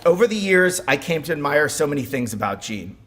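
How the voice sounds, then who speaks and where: A man's voice: fairly high pitch, sing-song, fairly quick, a bit bright. A man giving a eulogy at a funeral home as the son-in-law, speaking with wry humor and some stumbles.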